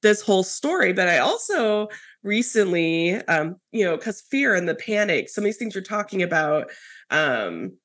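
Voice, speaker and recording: A woman hosts a podcast and tells a personal story in a relaxed, chatty way. Her voice sits at a middling pitch, and she leans on plenty of fillers as she goes. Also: normal speed. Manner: animated storyteller, many fillers. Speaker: podcast host. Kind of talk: casual conversational interview.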